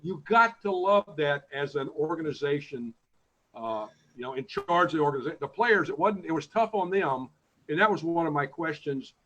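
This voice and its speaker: A man co-hosting, a former pitcher, asking questions haltingly with many fillers. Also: expressive, a bit bright. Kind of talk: casual interview questions. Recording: dull lo-fi audio with faint noise.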